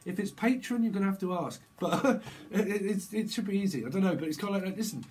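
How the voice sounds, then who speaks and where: A man giving a casual, rambling tarot reading, breaking into quick acted-out exchanges full of slang. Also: sits high, darkish tone, slight background noise, rough recording. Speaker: tarot reader.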